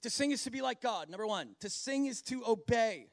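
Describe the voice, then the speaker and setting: A man preaching a sermon in an animated way, often acting out voices and laughing. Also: extremely high pitch, brisk, creaky, dry recording, studio quality.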